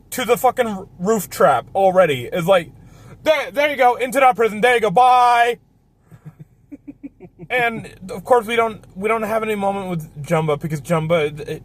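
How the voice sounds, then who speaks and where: A man hosting a casual film review chat, ranting and swearing a lot. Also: sits high. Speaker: host.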